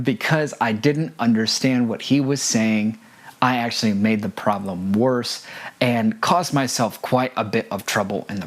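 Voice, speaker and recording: Male audio engineer, mid-pitched, earnest teaching tone, emphatic repetition. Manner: earnest, emphatic, repeats key points. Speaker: front of house audio engineer. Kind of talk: instructional talk with personal stories.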